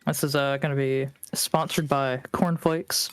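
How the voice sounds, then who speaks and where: A tabletop player chatting casually before the game starts, with a matter-of-fact, deadpan way of joking. The voice sits in the middle of the pitch range and sounds close and dry, with almost no room echo. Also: a little slow, smooth. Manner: snacking while talking. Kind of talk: casual pre-show chat.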